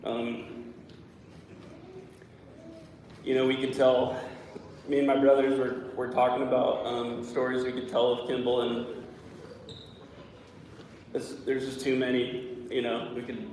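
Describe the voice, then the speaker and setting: A man speaking at a memorial, halting and emotional, with many fillers, in a large room. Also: mid-range voice, completely flat delivery, darkish tone, a little hiss or hum. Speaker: eulogy speaker. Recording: echoey hall from far off.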